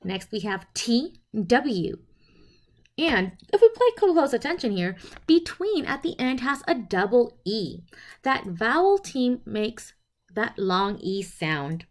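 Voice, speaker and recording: Woman teacher, instructional presentation; higher voice, unhurried, sounds out each letter deliberately. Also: sing-song. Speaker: teacher presenting a literacy lesson.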